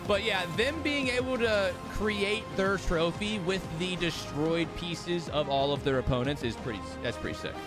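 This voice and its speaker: A man's voice: high voice, moderate pace, hardly any pauses, over music. A man hosting a casual live-stream watch party, rambling and swearing freely as he chats with his audience, sleepy and yawning. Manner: rambling, profane and animated.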